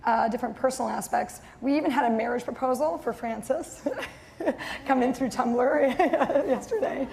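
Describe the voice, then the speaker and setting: A woman's voice: high voice, normal speed, creaky, darkish tone. A woman moderating a live audience Q&A, reading out questions with giggles and hesitant fillers. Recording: long reverb of a hall, faint noise.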